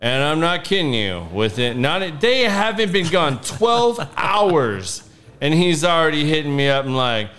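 A man's voice: on the high side, sing-song, unhurried, fairly bright tone. A man telling a long story in casual podcast chat, rambling with lots of fillers and acting out what people said. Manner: rambling, many fillers, acts out quotes. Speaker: podcast guest.

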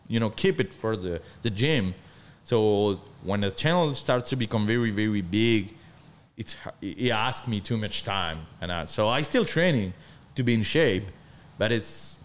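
A French-accented man with a fairly low voice, speaking earnestly in non-native English. He stops, restarts and searches for words as he tells his story in a casual chat. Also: animated, moderate pace. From northern France. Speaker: guest.

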